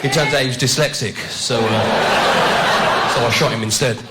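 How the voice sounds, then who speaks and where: A man's voice: mid-range voice, fairly even intonation, very noisy. A man doing a brash stand-up comedy set on a stage mic. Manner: brash, rapid-fire punchlines. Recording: live show with loud laughing crowd.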